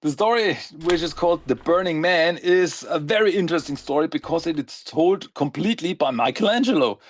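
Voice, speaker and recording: A man's voice: fairly high pitch, expressive, a little fast. A man co-hosting a podcast, recapping comic plots in a loose, rambling way with lots of "uh" and "like". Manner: rambling plot summaries full of "uh" and "like". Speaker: podcast co-host. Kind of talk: casual comic review chat.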